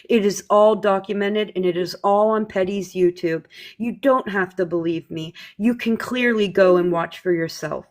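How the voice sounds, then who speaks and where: A woman hosting a livestream, speaking earnestly and passionately with frequent halting restarts. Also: medium pitch. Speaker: livestream host. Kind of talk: emotional livestream talk.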